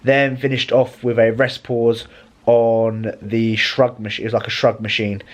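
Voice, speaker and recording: A man's voice: medium pitch, flat delivery, unhurried, muffled recording. A man talking casually in a vlog, blunt and rambling, swearing freely. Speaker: fitness vlogger and coach.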